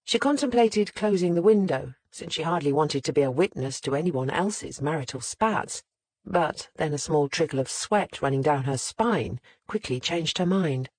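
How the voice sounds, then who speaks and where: Audiobook narrator, mid-pitched, measured scripted reading, close dry mic. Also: expressive, no echo.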